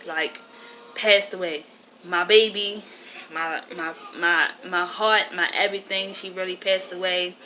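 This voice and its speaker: A woman's voice: lowish voice, steady tone, unhurried, sharp tone, rough recording. A woman in her twenties, upset and grieving, telling a rambling personal story to camera and often correcting herself. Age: 20s. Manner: rambling, emotional, self-correcting. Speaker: vlogger.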